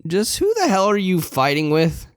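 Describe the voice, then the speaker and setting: A man's voice: sits high, wildly swooping pitch, moderate pace, clean tone, dry recording, clean studio sound. A man voicing a grandiose young self-styled mad scientist, reading game dialogue aloud with theatrical, pompous declarations.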